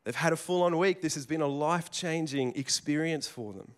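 A man's voice: fairly high pitch, brisk. A man preaching a sermon in a conversational storytelling way, with casual restarts and asides. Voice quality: plain working tradesman's speech.

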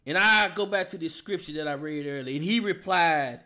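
Man, forties, podcast host, personal testimony, emotional, halting, higher voice. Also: pushed and bright. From Kentucky. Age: 40s. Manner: emotional, halting with many repeated words.

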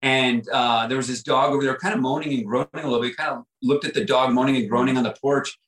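A man's voice: mid-range voice, steady tone, fast, fairly bright tone. Earnest man telling his story, roomy sound. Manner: earnest, reflective, repeats words with frequent "like" and "right?". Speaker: podcast guest. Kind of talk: personal storytelling.

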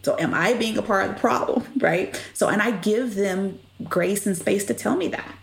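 A middle-aged woman telling stories as an interview guest, animated and expressive. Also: mid-range voice, moderate pace, gravelly. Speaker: guest, business leader. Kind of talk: conversational interview storytelling. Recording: echoey room with faint background noise.

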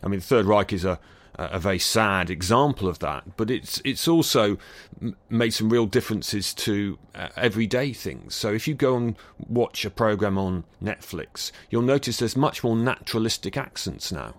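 With lively intonation and a voice on the low side, this British guest expert on acoustics talks at normal speed in a dry recording. He answers interview questions conversationally and thoughtfully, with fillers, restarts, and a mild near-received-pronunciation accent.

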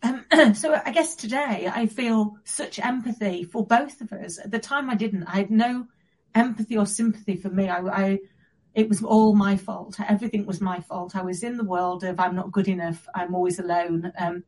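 A woman guest telling a personal story in an interview, earnest and reflective, with soft pauses. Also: medium pitch, low-quality recording.

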